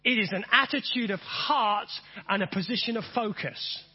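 Emphatic preacher, high husky voice. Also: male voice, moderate pace, dull audio. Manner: emphatic, repeats phrases and has the audience say them back. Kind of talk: sermon.

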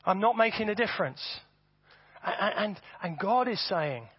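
A man preaching a sermon to his congregation, animated and often repeating words as he builds his points. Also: sits high, normal speed, breathy edge, no echo. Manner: animated, repeats words, acts out voices for effect. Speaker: pastor. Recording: dull, dry sound.

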